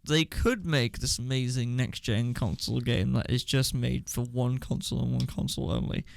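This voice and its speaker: A young man co-hosting a casual gaming radio chat, joking and animated. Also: mid-range voice, normal speed, gravelly, dry recording. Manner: animated, jokey, bursts into silly voices. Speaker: radio show co-host.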